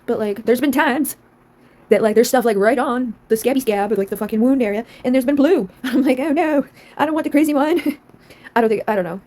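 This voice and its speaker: Fast-talking exasperated young woman. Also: on the high side, mellow. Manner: exasperated, swears often, laughs between lines. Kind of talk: casual vlog rant.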